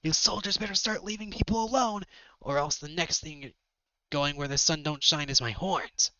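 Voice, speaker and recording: A man's voice: on the high side, moderate pace, bright, forceful tone, no echo, muffled recording, pitched above the performer's own voice. A man voicing a brash, cocky young male dragon hero in a fan game. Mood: defiant. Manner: brash, taunting.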